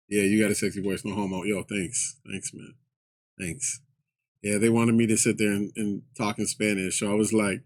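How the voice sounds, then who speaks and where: A man's voice: on the low side, fairly even intonation, brisk. A young man streaming live, chatting casually with viewers in laid-back slang and laughing often.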